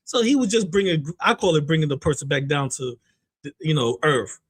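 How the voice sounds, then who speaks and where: A man hosting commentary on online drama, talking in an animated, mocking way and often breaking into laughter. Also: a little high, moderate pace, husky. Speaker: commentary host.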